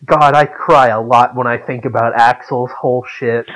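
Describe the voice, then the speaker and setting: A man co-hosting a casual gaming chat, excitable, swearing freely and laughing often. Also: mid-range voice, normal speed, low-quality recording. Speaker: podcast co-host.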